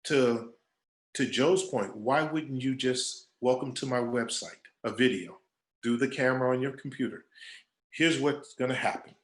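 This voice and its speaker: A man's voice: mid-range voice, unhurried. Storytelling man in an echoey room. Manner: animated storyteller acting out quoted voices. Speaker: guest speaker, agency creative director. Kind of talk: casual storytelling Q&A.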